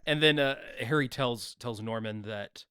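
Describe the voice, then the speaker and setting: A man's voice: medium pitch, measured pace, bright, forceful tone, clean tone, no room sound, clean studio sound. A man co-hosting a movie podcast, recapping the plot in a laid-back, casual way. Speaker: podcast co-host. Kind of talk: casual movie review chat.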